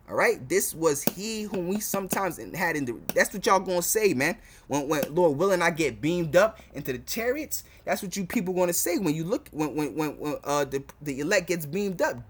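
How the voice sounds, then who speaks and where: A man's voice: fairly high pitch, sing-song, normal speed, breathy edge. A man preaching fervently to camera as a street preacher, repeating phrases and stumbling into restarts. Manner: fervent, repetitive, full of "man" and "all right" fillers.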